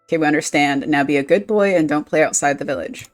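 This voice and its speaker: A woman voicing a calm adult traveler who questions the children, reading game dialogue aloud. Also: sits low, fast, faint music behind, lightly acted.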